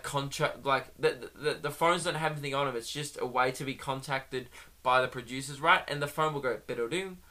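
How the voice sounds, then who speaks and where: Young male comic host, animated and sweary, bright tone. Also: a little high. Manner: animated, mocking impressions, swears freely. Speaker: comedian podcast host. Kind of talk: comic monologue.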